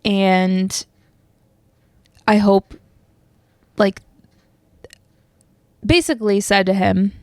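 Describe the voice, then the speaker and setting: A young woman hosts a podcast in a loose, rambling way, full of fillers and restarts. Her voice sits at an ordinary pitch. The sound is dry and close, with no room echo. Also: level tone, drawn-out words, long pauses, a little mellow. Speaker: podcast host. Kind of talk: casual solo chat.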